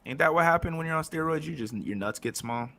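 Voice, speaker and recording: Excitable man with a gravelly voice. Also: on the high side, fast talker. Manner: excitable, shouts at big moments. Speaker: podcast co-host. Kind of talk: casual fight watch-along chat.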